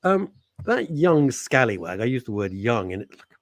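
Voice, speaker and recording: Man, radio host, gravelly voice, lively up-and-down delivery, joking and rambling. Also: mid-range voice, moderate pace. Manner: rambling, jokey, self-mocking. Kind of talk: casual chat. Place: radio studio.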